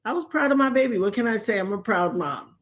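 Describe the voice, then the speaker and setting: A middle-aged woman hosting a livestream, chatting casually and telling animated stories while acting out the voices she quotes. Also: on the high side, fast talker. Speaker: livestream host. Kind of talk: casual storytelling chat.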